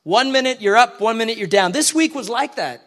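A man's voice: very high voice, expressive, a little fast, a bit bright. A man preaching a conversational sermon in a church, asking the congregation questions as he goes.

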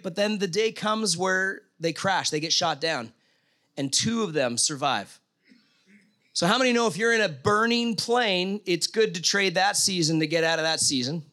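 High-voiced man preaching a sermon. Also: sharp tone. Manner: conversational, storytelling, asks audience questions. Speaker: pastor.

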